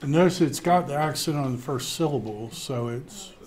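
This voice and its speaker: A man teaching a Greek class, thinking aloud, with many fillers and pauses. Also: fairly high pitch, darkish tone.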